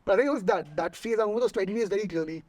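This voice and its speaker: A man with an Indian accent, a screenwriter guest telling animated stories in a casual interview and acting out what people said. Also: high voice, rapid-fire. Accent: Indian English. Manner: animated storytelling, acting out quotes, laughs often.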